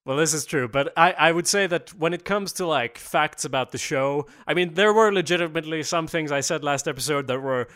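A man's voice: a little high, brisk, hardly any pauses, a bit bright. A man hosting a casual podcast, speaking with dry, sarcastic humor. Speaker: podcast host.

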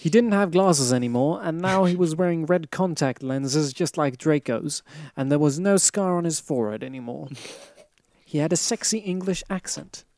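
A man's voice: a little high, normal speed, darkish tone, dry recording. A man giving a comic, mock-earnest reading of a fan fiction, close to the mic. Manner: mock-earnest, breaks into laughter. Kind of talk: comic dramatic reading aloud.

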